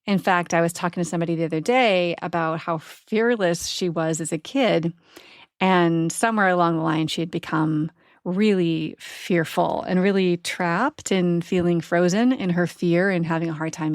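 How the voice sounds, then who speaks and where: Speaking with a fairly low pitch, a middle-aged podcast host recounts something from her own life, sincere and thoughtful, often tossing in "right?" along with laughter. The recording is studio grade with no room sound.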